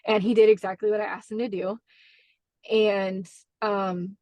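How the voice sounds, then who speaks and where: A woman's voice: medium pitch, level tone, unhurried, warm tone, no room sound. A woman basketball coach, a podcast guest, telling a story in an earnest, heartfelt way, with many fillers and restarts. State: briefly emotional. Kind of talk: conversational interview storytelling.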